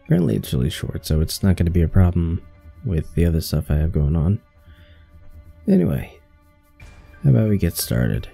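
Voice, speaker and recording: A man's voice: deep voice, sing-song, brisk, vocal fry, pauses often, dark tone, breathy edge, soft background music. A man hosting a let's play of a game, talking in a casual, self-deprecating way as he starts it up. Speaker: gaming channel host.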